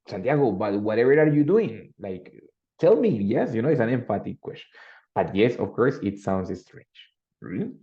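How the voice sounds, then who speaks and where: Male English teacher, low gravelly voice, dull lo-fi online sound, mixes languages as he explains. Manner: switches between English and Spanish, explaining with examples.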